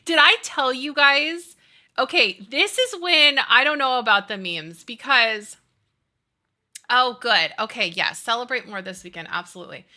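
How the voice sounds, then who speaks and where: A woman in her thirties chatting casually with her live stream audience, telling stories with lots of laughter and excitable energy. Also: fairly high pitch, measured pace. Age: 30s. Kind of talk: casual chat while playing a game.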